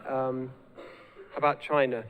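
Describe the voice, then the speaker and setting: A man with a British accent giving an energetic live speech as a guest speaker, rallying the crowd. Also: medium pitch, measured pace, clean tone, phone-quality sound. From United Kingdom. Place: large hall with a live audience. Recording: long hall reverb.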